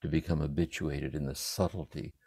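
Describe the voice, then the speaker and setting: An older man speaking from a room at home over a livestream, giving a contemplative spiritual reflection in a meditative way, letting his phrases trail off softly. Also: very deep voice, steady tone, fairly quick, no echo. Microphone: livestream computer mic.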